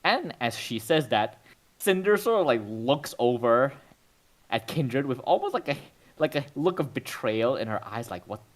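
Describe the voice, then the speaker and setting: A man's voice: medium pitch, lively intonation, a little slow, poor audio. A man narrating a tabletop role-playing game as game master, in a casual, descriptive way with lots of "sort of, like".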